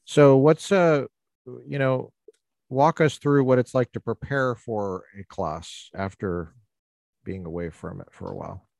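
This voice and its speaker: A man's voice: mid-range voice, fairly even intonation, a little slow, creaky, darkish tone, dry recording. A man hosting a podcast interview, playful and enthusiastic, teasing his guest. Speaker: podcast host. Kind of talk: casual interview talk.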